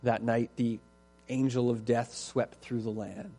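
A man's voice: medium pitch, little pitch movement, a little slow, mellow, slightly rough. A man preaching a sermon in an earnest, emphatic way and repeating his key phrases.

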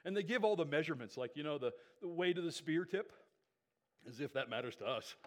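A man delivers a sermon, retelling a Bible story with animation and chatty check-ins to his listeners. His voice sits slightly high and swings widely in pitch as he dramatizes each beat. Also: fairly quick. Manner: animated storyteller with conversational asides. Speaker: pastor.

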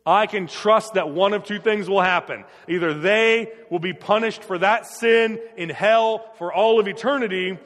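A man's voice: high-pitched, moderate pace, hardly any pauses, a bit bright, long reverb tail. A man preaching a sermon in an earnest, emphatic way, often repeating his phrases. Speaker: pastor.

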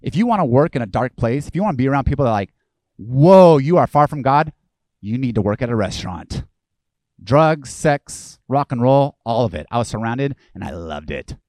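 A male pastor delivering a lively, conversational sermon, acting out the voices of people he quotes. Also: mid-range voice, brisk, no room sound.

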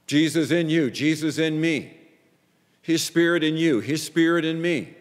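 A man's voice: on the high side, a little slow. Emphatic preacher man in a reverberant hall. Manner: emphatic, repeats phrases in pairs, rises and drops in loudness. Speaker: pastor. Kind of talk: sermon.

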